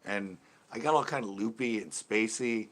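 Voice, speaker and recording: Low-voiced man rambling through a story. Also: normal speed. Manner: animated, lots of restarts and self-corrections. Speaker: channel host talking to live chat. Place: home porch.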